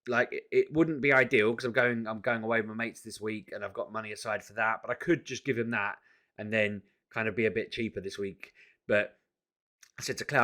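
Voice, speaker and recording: A man venting in a casual vlog to camera, exasperated and animated, often restarting his sentences. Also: on the low side, a little fast. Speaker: vlogger.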